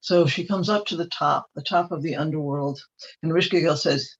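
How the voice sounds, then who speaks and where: Guy telling an old myth at a ceremony, lots of ums and restarts, slightly high voice, muffled audio. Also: normal speed, husky. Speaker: storyteller. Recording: dull lo-fi recording.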